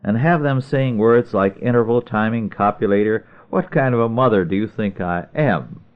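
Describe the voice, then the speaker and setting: Man reading a brisk insistent farm wife, still deep-voiced, phone-like sound. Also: close to an everyday voice. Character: sharp-tongued farm wife, middle-aged woman.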